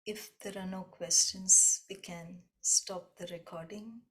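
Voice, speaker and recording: Slow, reflective woman teaching scripture. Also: medium pitch, fairly even intonation. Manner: slow, reflective, gently repetitive explanation. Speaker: spiritual teacher. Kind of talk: devotional class teaching.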